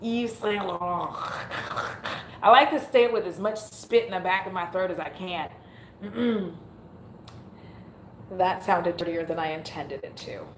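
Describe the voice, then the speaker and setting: A woman's voice: on the low side, normal speed, pauses often, slight background noise. A young woman is talking casually on her livestream at home. She giggles often, pokes fun at herself and swears freely. Her voice carries a roomy echo. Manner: giggly, self-mocking, swears freely, goofs on words. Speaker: beauty YouTuber hosting a livestream.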